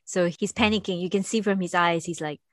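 A woman's voice: lowish voice, steady tone, brisk, no echo, studio quality. Chatty woman hosting a podcast. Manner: chatty, giggly, playful. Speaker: podcast host. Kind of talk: casual chat. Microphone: close studio mic.

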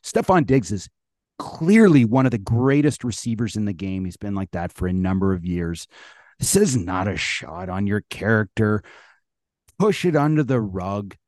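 A man's voice: on the low side, expressive, normal speed, a little mellow, no room sound, studio quality. A man co-hosting a sports podcast, ranting bluntly and emphatically with plenty of swearing. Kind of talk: casual sports talk.

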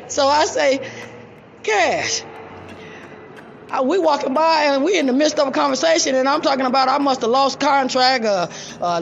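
A woman tells a story in a loud, profane, animated rant, her voice high and gravelly. The sound is dull and lo-fi. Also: slight background noise. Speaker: storyteller vlogger.

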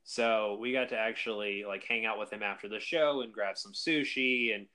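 Guy organizing a comic con, chatty and excited, bright tone, kinda low. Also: moderate pace, clean tone. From South Carolina. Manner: enthusiastic, rambling with fillers. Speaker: convention organizer, guest. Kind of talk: casual interview chat.

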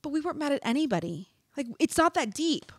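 A young woman telling a story in casual chat, animated and full of "like", swearing freely. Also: high voice, quick pace, dry recording, studio quality. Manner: animated, filler-heavy with constant "like", swears freely. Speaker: podcast co-host.

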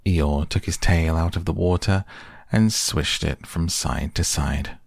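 Deep, gravelly bedtime narrator, a man. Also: no echo, studio quality. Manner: soft, slow and soothing. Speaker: audiobook narrator. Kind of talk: soft bedtime storybook reading.

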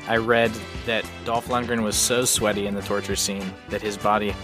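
A man's voice: on the low side, flat delivery, moderate pace, music in the background. A man co-hosting a casual movie podcast, wry and giggly as he reads out trivia. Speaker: podcast co-host.

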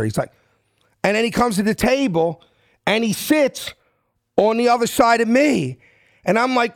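A man's voice: sits high, sing-song, normal speed, no echo, clean studio sound. A middle-aged man from South Philadelphia with a Philly accent, telling a story and acting out each person in it in street-smart talk. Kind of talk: animated storytelling.

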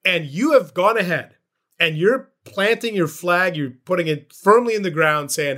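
A male sports podcast host with a somewhat high voice. He chats casually and tells stories with lively energy. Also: normal speed. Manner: storytelling, animated.

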